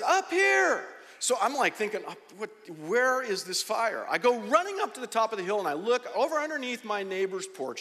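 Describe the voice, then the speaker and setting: A middle-aged man preaching, telling a story with animated, dramatic energy. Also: sits high. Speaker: pastor. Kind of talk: sermon storytelling. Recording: long reverb of a large hall.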